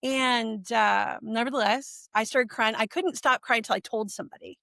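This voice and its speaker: A woman in her forties, a podcast guest, telling her personal story in a lively way and acting out what people said. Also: fairly high pitch, normal speed, creaky, no echo, clean studio sound. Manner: animated, acts out quoted speech.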